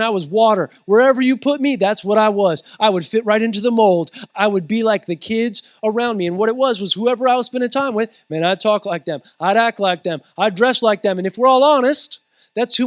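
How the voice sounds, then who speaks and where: High-voiced earnest male pastor preaching. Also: no room sound, studio quality. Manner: earnest preaching, quick shifts between hushed and raised. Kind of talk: sermon. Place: church.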